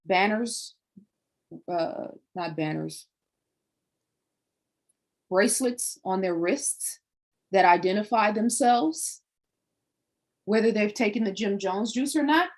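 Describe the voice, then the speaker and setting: A woman's voice: mid-range voice, takes it slowly, pauses often. A woman hosting a livestream, delivering a preachy monologue full of rhetorical questions. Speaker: livestream host.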